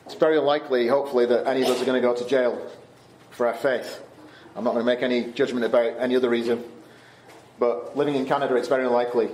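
A man's voice: medium pitch, little pitch movement, fast, darkish tone, echoey room, a little hiss or hum. A man speaking as a camp speaker, giving a conversational Bible talk to teenagers, with fillers and restarts. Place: Canada.

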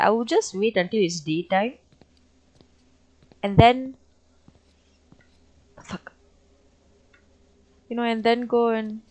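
Cussing Malaysian woman gamer, slow-talking. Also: fairly high pitch, no room sound. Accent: Malaysian English. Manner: jumpy, swears constantly, loud startled reactions. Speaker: gaming streamer. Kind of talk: horror game let's play commentary.

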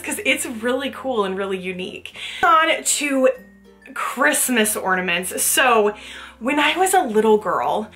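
Bright-voiced young woman chatting thru a haul video, gushy and giggly. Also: mid-range voice. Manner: gushing, chatty, laughs often. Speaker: vlogger. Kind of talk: casual haul vlog.

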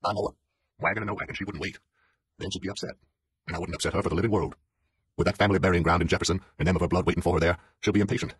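A man's voice: deep voice, steady tone, very fast, husky, no echo. A man reading an audiobook and voicing a toothless, self-pitying old farmer who speaks in a plaintive drawl.

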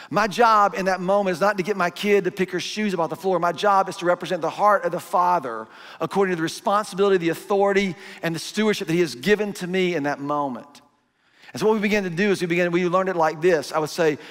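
Middle-aged male pastor, fairly high voice, chatty sermon in a big reverberant hall. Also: fairly bright tone. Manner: conversational, acts out parents and kids in asides. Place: church auditorium.

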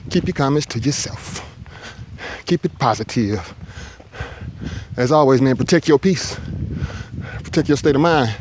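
A man's voice: medium pitch, expressive, a little slow, pauses often, darkish tone, a little hiss or hum. A man, vlogging casually as he hikes a forested mountain ridge, a little winded from the climb. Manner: laid-back, talkative, jokey. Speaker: thru-hiker vlogger. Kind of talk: casual hiking vlog.

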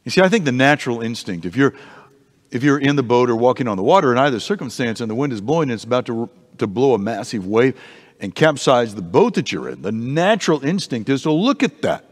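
Talking at a quick pace in a mid-range voice, a man leads an adult Bible class inside a church. He's animated and conversational, restarting sentences often, and the room is reverberant.

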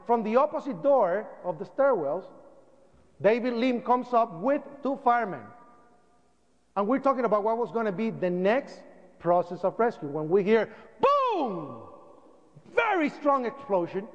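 Animated guy acting out his story in a public talk, sounds muffled and lo-fi, big hall reverb. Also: high-pitched. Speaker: speaker recounting events.

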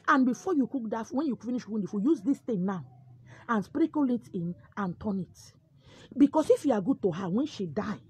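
A woman with a Nigerian accent telling a comic first-person story, dramatic and lively. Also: mid-range voice, slightly rough. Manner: dramatic, lively, code-switching.

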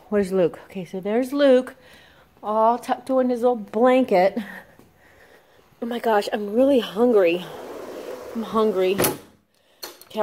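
A young woman chatting excitedly in a casual vlog, telling stories as she moves around her home and yard. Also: fairly high pitch. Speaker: vlogger and makeup artist.

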